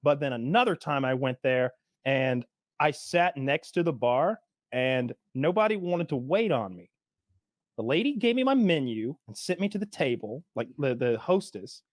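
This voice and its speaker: A man's voice: medium pitch, normal speed, no echo, studio quality. A man co-hosting a podcast, telling a story in casual chat and mimicking the people in it. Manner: animated, mimics people in his stories. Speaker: podcast co-host.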